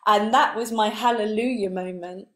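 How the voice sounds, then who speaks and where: A woman spiritual coach giving a live motivational talk, earnest, building her points in repeated lists and letting her voice sink soft and breathy on key words. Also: mid-range voice, steady tone, normal speed.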